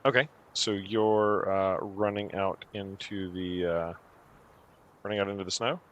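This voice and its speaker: A man's voice: deep voice, steady tone, unhurried, a bit bright, muffled recording. A young man narrating a tabletop game as game master, rambling with many fillers.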